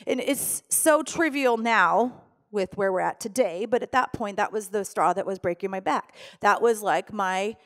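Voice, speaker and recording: A woman's voice: medium pitch, moderate pace, hardly any pauses. A middle-aged woman pastor preaching a sermon, telling a personal story with strong emotion and acting out her own pleading prayers.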